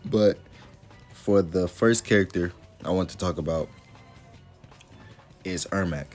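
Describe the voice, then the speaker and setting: A man with a very low, deep voice chats casually to his viewers, rambling loosely with plenty of fillers. Faint music plays underneath. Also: slow pace, a little mellow. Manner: laid-back, rambling, lots of fillers. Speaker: YouTuber. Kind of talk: casual video commentary.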